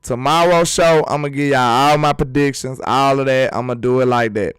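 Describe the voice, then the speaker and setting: A man hosting a casual sports talk vlog, animated and emphatic, full of rhetorical questions. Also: mid-range voice, normal speed, clear, resonant tone, no room sound. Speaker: sports channel host.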